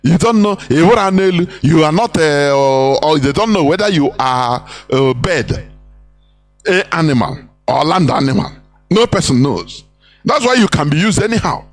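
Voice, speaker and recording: High-voiced Nigerian man exhorting listeners. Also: lively intonation, unhurried, faint music behind. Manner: preachy, exhorting, repeats phrases, slips into pidgin and Igbo. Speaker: broadcast speaker. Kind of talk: impassioned live broadcast talk.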